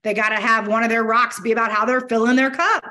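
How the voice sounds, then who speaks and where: Upbeat woman coach giving a talk, fairly high voice, candid and a bit sweary. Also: fast talker. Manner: energetic, candid, casually swears. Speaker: motivational speaker. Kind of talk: conversational keynote talk.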